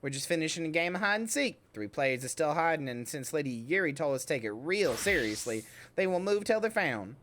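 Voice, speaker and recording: A woman's voice: low voice, expressive, brisk, a bit bright, slight background noise. A woman voicing an eager young boy in a raised voice with a put-on Southern US accent, with game music behind.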